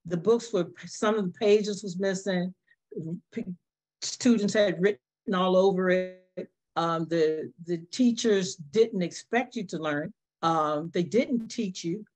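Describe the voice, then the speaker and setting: A woman's voice: lowish voice, slow, darkish tone. Hesitant woman answering a panel question. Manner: hesitant, many fillers and restarts. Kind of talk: conversational interview answers.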